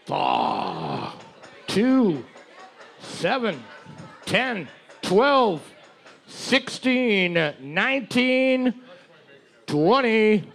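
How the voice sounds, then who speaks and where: Wisecracking high-voiced man co-hosting trivia. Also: lively intonation, a little slow. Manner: crude, wisecracking, reads out team numbers. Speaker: trivia co-host reading answers and scores. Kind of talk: bar trivia banter. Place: bar trivia night with a sound system.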